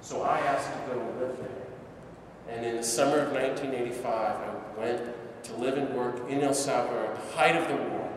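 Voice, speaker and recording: A man's voice: mid-range voice, moderate pace, slight background noise. Impassioned male priest in echoey church. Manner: impassioned, rising to emphatic peaks. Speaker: priest giving a talk. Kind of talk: church talk, storytelling. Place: large church hall. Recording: echoey church hall, distant mic.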